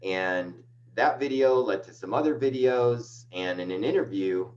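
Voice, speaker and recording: A man's voice: medium pitch, unhurried, a little mellow. A man guest on a casual video call interview, telling a long, rambling, self-deprecating story. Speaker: guest, agency owner. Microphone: video call microphone. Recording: dull lo-fi video call with faint hum.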